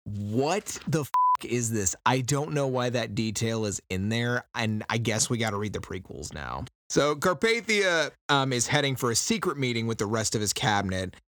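A man's voice: medium pitch, normal speed, hardly any pauses, no echo. A man casually recapping a book on a podcast, sarcastic, acting out the characters in mocking voices. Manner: sarcastic, animated storytelling with mocking quoted voices. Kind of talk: casual chat.

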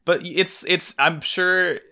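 A high-pitched male co-host takes it slowly on a casual podcast, yet stays animated, laughing frequently and joking with fan enthusiasm.

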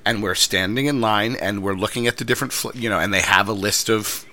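A man chatting casually, reviewing a donut and telling a story in a measured, patient way. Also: lowish voice, bright, forceful tone. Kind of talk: casual chat, food review.

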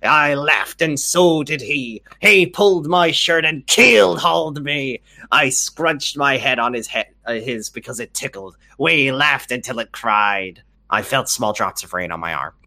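A man voicing a gruff male pirate who growls "yar" and then reads fan fiction aloud. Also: medium pitch, animated, measured pace, hardly any pauses, pushed and bright, full character voice. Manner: growled interjections, then plain reading.

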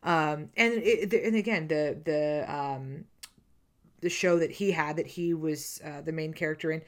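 A woman co-hosting a casual podcast, talking in quick, sarcastic, profane banter. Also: sits low. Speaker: podcast co-host. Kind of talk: casual chat.

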